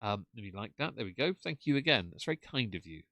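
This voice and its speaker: Chatty low-voiced man streaming. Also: very animated, fast, pushed and bright, no echo. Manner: chatty, reads out and thanks chat messages. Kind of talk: casual live-stream commentary. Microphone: desk mic with headphones.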